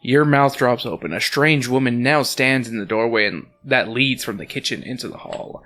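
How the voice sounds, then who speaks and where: A man's voice: mid-range voice, normal speed. A man hosting a podcast, reading a story aloud with crude comedic asides. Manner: animated, joking, crude asides. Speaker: podcast host and reader.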